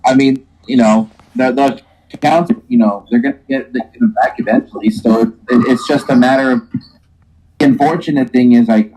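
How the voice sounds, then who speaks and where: A man's voice: mid-range voice, dark tone, slightly rough, low-quality recording. A man talking about a game he plays with friends, thoughtful and hesitant with many fillers. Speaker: player on a gaming stream. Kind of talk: casual chat.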